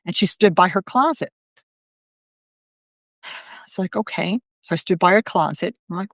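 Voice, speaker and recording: A middle-aged woman, a psychic medium, talks on her live video in a loose, chatty way. Her voice sits low and sounds dry, with no room around it. She fills her story with ums and quoted back-and-forth. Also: animated, normal speed, long pauses, no room sound. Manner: chatty, retells conversations with quoted voices, many fillers. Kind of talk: casual storytelling on a live stream.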